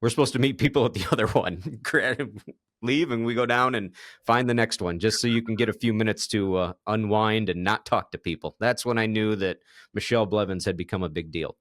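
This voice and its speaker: A man hosting a casual interview, telling a story in a relaxed way and laughing at his own anecdote. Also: fairly low pitch, normal speed, dry recording, studio quality. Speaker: podcast host.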